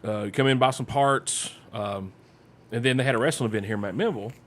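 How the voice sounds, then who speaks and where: A man telling rambling, animated stories in casual chat and acting out the quotes. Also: mid-range voice, brisk. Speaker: podcast guest storyteller.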